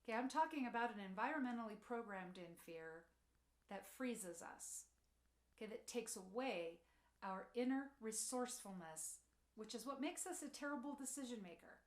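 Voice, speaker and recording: A middle-aged woman giving a motivational talk, telling personal stories and acting out quotes, softening her voice for tender moments. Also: lively intonation, moderate pace, roomy sound. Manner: storytelling, acts out quotes, drops soft and low for tender moments. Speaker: speaker.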